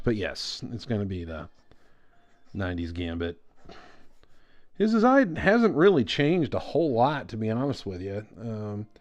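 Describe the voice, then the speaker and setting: A man streaming a live drawing session, talking through his work in a relaxed, rambling way with lots of fillers. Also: medium pitch. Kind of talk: casual commentary while drawing.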